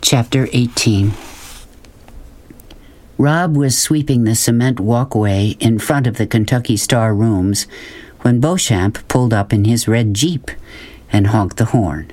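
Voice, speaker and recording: A man narrating an audiobook. His voice sits at a middle pitch and he tells the story in a calm, even way. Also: slow. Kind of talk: scripted narration.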